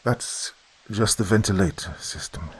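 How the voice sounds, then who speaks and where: A man's voice: low-pitched, expressive, normal speed, slightly rough, exaggerated voice. A man voicing a stern male cosmonaut on the radio, cold and indignant, speaking in clipped, formal radio talk.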